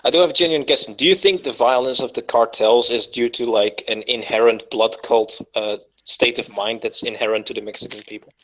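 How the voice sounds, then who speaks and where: A man's voice: medium pitch, fairly even intonation, fairly quick, hardly any pauses, fairly bright tone, rough recording. A man hosting a livestream, asking teasing, provocative questions in a casual chat. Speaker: livestream host.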